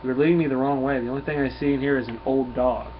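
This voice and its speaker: A man's voice: medium pitch, fairly even intonation, quick pace, lightly acted. A man voicing a jumpy, unsure teenage boy superhero from a comic, firing off startled questions. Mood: puzzled. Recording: dull lo-fi with faint hum.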